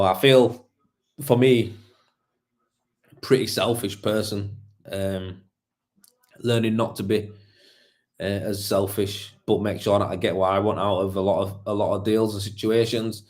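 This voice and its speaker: A young man, a plasterer, hosting a casual livestream, talking bluntly with a lot of swearing, rambling and calling people mate. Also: fairly low pitch.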